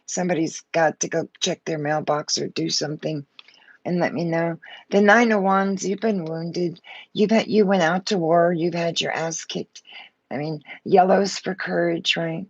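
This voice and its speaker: A woman's voice: on the low side, fairly even intonation, normal speed, no echo, muffled recording. A woman giving a live tarot reading, blunt and fired up, swearing freely as she talks. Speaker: tarot reader.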